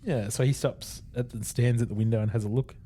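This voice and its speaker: A man's voice: mid-range voice, fairly even intonation, fairly quick, mellow, slight background noise. A man with an Australian accent, co-hosting a podcast and recapping an episode in casual chat, laughing often as he retells the scenes. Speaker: podcast co-host.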